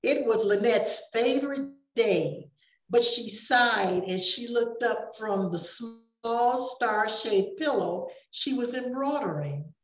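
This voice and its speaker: An older woman reading a children's storybook aloud slowly and gently. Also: a little high, animated. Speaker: grandparent storyteller. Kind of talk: reading a picture book aloud. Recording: echoey room, dull sound.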